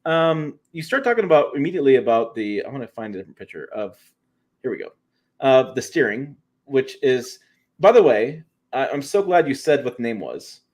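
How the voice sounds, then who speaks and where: A man's voice: medium pitch, sing-song, fairly quick, darkish tone. A man co-hosting a truck livestream, chatting casually and rambling with frequent restarts and fillers. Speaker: co-host of a truck show.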